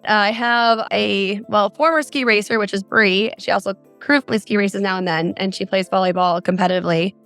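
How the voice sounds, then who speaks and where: A woman's voice: medium pitch, fairly even intonation, fairly quick, hardly any pauses, fairly bright tone, clean tone, faint music behind. A woman, a mother of four, recounting a frightening phone call in earnest detail as a podcast guest. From Arizona. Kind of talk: podcast interview, recounting a story.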